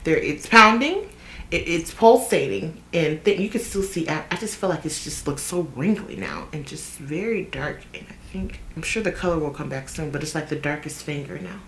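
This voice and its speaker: Low-voiced woman telling a chatty storytime. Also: moderate pace, a little hiss or hum. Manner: animated, chatty storytelling with asides to viewers. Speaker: vlogger. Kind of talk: casual storytime while getting ready. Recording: roomy echo.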